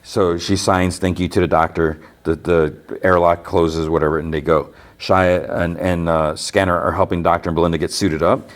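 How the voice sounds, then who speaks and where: A man's voice: deep voice, level tone, normal speed, hardly any pauses. A man hosting a podcast, casually retelling a TV episode in a rambling way, with frequent restarts and "he's like" quotes. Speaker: podcast host.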